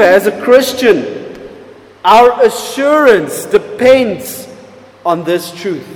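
High-voiced man preaching in an echoey hall. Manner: emphatic preaching with wide swings in loudness and pace, drawn-out key words. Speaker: pastor. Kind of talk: sermon. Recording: echoey hall with long reverb.

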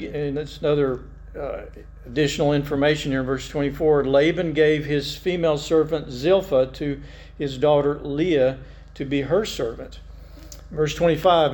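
A man's voice: fairly high pitch, a little mellow. A male pastor preaching a conversational sermon, reading scripture aloud and musing over it.

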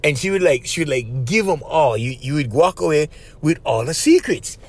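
Man, Hawaiian Pidgin accent, podcast host, rambling storytelling, high voice, swooping pitch. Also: normal speed, slightly rough. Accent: Hawaiian Pidgin English. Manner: animated, laughing often, acts out voices, says "right?" after phrases. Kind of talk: casual storytelling monologue.

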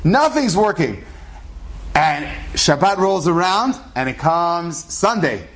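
A man with a slightly higher voice tells a story in a loose, chatty way. He slips into the voices of the people he describes, his pitch rising and falling as he goes. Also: very animated, slow, a bit bright. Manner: chatty, acts out dialogue with shifting pitch. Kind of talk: casual spoken storytelling.

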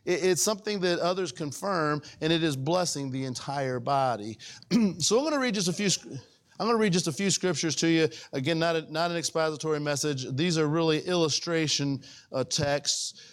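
High-voiced pastor preaching casually. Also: male voice, fairly quick. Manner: conversational preaching with frequent questions to the congregation; wide swings between raised and hushed delivery. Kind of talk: sermon.

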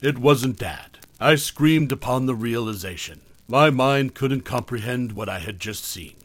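A man narrating a first-person horror story in a measured, tense storytelling manner. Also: mid-range voice, expressive, no room sound.

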